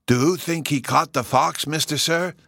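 A man voicing Bruno, a small excitable boy with babyish grammar, in a storybook reading. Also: on the high side, moderate pace, creaky, dry recording, pitched above the performer's own voice. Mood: eager. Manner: eager, breathless.

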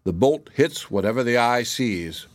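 Read by a man, a modest young smith speaks plainly about his work. The voice is dry and close. It sits at a middle pitch. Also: lively intonation, measured pace, dry recording, lightly acted.

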